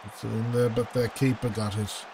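A gaming channel host provides let's play commentary on his own football management game, anxiously pleading with his team, groaning at misses, and bursting out in frustration. His lowish voice is flat, creaky and darkish at a moderate pace, with slight background noise.

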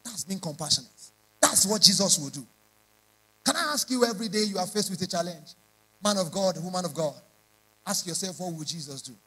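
A man's voice: sits high, animated, brisk, bright, forceful tone, poor audio. A man preaching a sermon, emphatic and repeating lines in rising prayer chants. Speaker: pastor.

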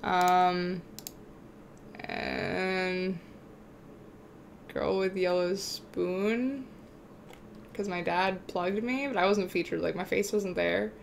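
A woman's voice: fairly low pitch, drawn-out words, vocal fry, pauses often, slight background noise. A young woman live-streaming a game, chatting casually, swearing freely and bantering with her chat. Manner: excitable, swears freely, talks back to chat.

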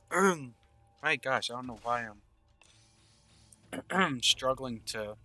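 A man's voice: mid-range voice, expressive, very slow, bright, forceful tone, faint music behind. A man giving casual gameplay commentary, thinking aloud and murmuring game text as he plays. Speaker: gaming channel host.

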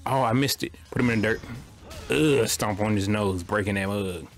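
A man's voice: on the low side, moderate pace, soft background music. A young man giving loose, slangy running commentary while playing a video game. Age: young adult. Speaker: gaming streamer. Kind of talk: casual gameplay commentary.

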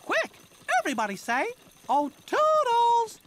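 Woman playing a cheerful cartoon mouse leader, high and very lively, music under. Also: unhurried, noisy background. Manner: upbeat, coaxing the audience to call out. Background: background music.

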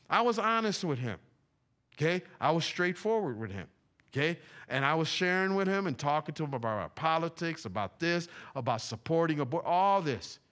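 A man's voice: on the high side, fairly bright tone. A middle-aged man from Puerto Rico, preaching a fervent sermon in a church, repeating his points with emphasis. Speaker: pastor. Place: church sanctuary.

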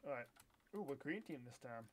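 A man's voice: mid-range voice, animated, fairly quick, slight background noise. A young man streaming a live game with viewers, chatting, swearing and bursting into frustrated outbursts. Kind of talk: live gameplay stream commentary.

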